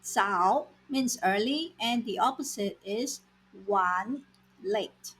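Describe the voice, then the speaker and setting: A woman teaching vocabulary in a scripted lesson, saying words slowly and repeating them for learners. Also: mid-range voice, fairly bright tone, breathy edge, rough recording. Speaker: language teacher.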